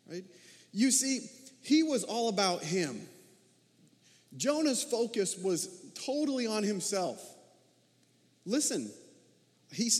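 A man delivers a sermon in a fairly high voice. He preaches in a conversational way and keeps turning to the congregation with rhetorical questions. His voice carries a long reverb, as in a large hall. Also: a little mellow. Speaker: pastor.

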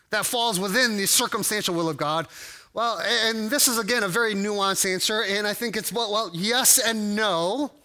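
Bright-voiced male pastor preaching. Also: high voice. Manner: conversational, many fillers and restarts. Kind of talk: sermon.

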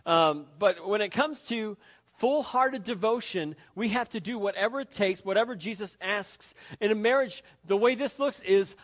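Male pastor, high voice, earnest sermon delivery, dull lo-fi recording. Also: moderate pace. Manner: earnest, repeating key phrases, drops soft and low for emphasis.

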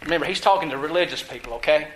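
A man preaching a sermon, teaching from scripture with emphasis and putting questions to his listeners, drawing some words out slowly for stress. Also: fairly high pitch, fairly bright tone, a little hiss or hum, poor audio. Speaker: pastor.

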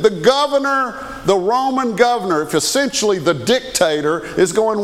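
A man's voice: high voice, sing-song, normal speed, hardly any pauses. A man, preaching a conversational sermon as a pastor and often asking the congregation questions. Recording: long hall reverb.

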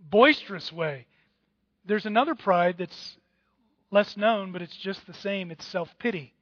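Animated man preaching a sermon. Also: high-pitched, no echo, dull audio. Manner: animated preaching, acting out voices of others. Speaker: pastor.

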